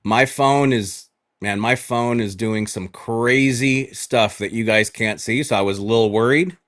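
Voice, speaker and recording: A man calling in as a podcast guest, reporting news in a measured way with frequent restarts. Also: medium pitch, a bit bright. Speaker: guest NBA insider. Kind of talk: casual podcast chat.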